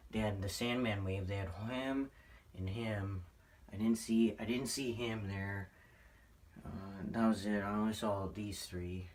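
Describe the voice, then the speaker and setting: A man vlogging about his toy collection, rambling and excitable, poking fun at his own spending. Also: lowish voice. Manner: excitable, rambling, self-mocking. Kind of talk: casual rambling vlog.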